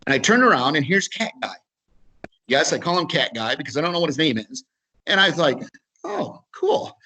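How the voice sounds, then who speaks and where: A man with a slightly high voice and an Upper Midwest American accent tells a story for a webinar. His talk is casual and full of restarts. He acts out both sides of each conversation. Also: expressive, fast talker, bright, forceful tone, slight background noise, poor audio. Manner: casual, repeats words, acts out dialogue. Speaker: webinar speaker. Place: video webinar.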